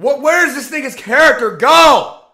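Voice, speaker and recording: A man giving a profane, exasperated rant as an anime commentator, firing off rhetorical questions and often shouting. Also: very high voice, animated, moderate pace.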